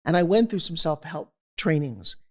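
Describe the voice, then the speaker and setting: Middle-aged woman, slightly low voice, candid and animated interview storyteller. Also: normal speed. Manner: animated, acts out quoted voices. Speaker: guest.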